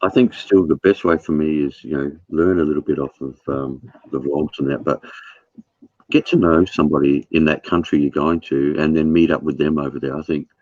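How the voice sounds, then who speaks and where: Very deep-voiced blunt man, muffled. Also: steady tone, fairly quick, a little mellow, dry recording. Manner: blunt, swears, says mate. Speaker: show host. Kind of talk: casual chat.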